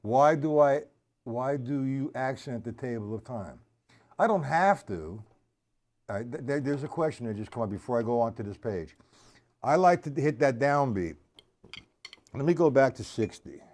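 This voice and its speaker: A man runs a live-streamed drum lesson. He talks in a relaxed, explanatory way and keeps counting the beats out loud as he demonstrates. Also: mid-range voice, moderate pace. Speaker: drum teacher.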